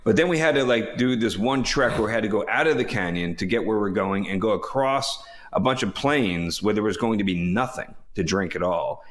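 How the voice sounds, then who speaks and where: A man with a fairly low voice talks in a relaxed, measured way, pausing often with fillers as he tells a story. The tone is casual and conversational.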